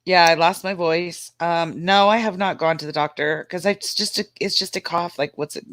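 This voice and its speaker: A woman who is hoarse from a cold, co-hosting a casual livestream and greeting viewers by name. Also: on the low side, fairly even intonation, normal speed, fairly bright tone, dry recording. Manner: greets viewers by name one after another. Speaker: livestream co-host.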